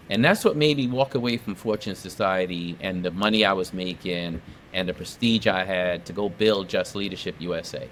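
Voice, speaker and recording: A middle-aged man from New York speaks in a fairly low voice, recounting his career to a podcast host. He builds his points by repeating phrases and leaning on them. The talk is loose and conversational, with a faint hum of ambience behind him. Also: normal speed, few pauses, fairly bright tone. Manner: emphatic, repeats phrases for effect. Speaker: podcast guest, advocate. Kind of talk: casual storytelling interview.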